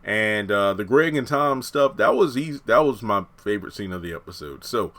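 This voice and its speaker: Man, TV reviewer, lowish voice with a bright forceful edge, casual and opinionated, animated retelling. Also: normal speed. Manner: animated, acts out characters' lines while retelling; blunt and opinionated. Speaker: TV episode reviewer.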